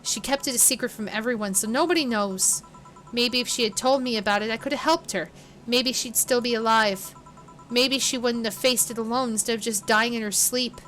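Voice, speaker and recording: A woman's voice: a little high, moderate pace, a bit bright, faint music behind, close to an everyday voice. A woman reading a blunt, grieving young woman. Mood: somber.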